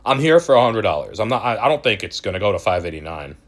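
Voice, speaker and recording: A man's voice: lowish voice, big pitch swings, fast talker. A young man hosting a crypto channel, ranting in a profane, exasperated and mocking way. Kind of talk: ranting video commentary.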